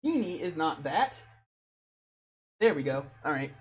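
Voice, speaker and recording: A man running a tabletop game, his voice sitting a bit high. He lays out the rules patiently and laughs easily. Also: sing-song, a little slow, husky. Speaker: dungeon master.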